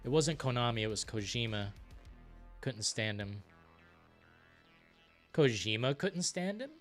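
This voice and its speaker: Excitable, swearing young gaming host. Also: male voice, mid-range voice, unhurried, soft background music. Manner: excitable, profane and rambling. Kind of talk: casual live-stream chat, reading viewer comments.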